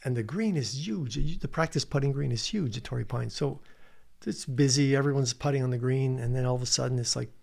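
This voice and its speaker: A man's voice: mid-range voice, fairly quick, gravelly, darkish tone. A man telling casual anecdotes as a podcast guest, acting out quotes as he goes. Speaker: podcast guest, commercial director. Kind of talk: casual storytelling.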